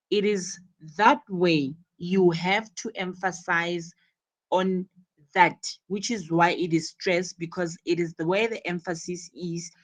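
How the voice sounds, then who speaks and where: A woman teaching an English lesson, explaining each point carefully and repeating words for emphasis. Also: fairly low pitch. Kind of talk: classroom explanation.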